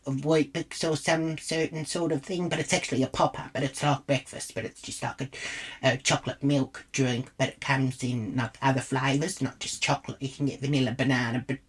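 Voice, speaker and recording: Low-pitched aussie woman, rambly crude storytime vlog, swears a lot. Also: fairly even intonation, normal speed, slightly rough. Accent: Australian. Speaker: vlogger. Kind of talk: storytime monologue.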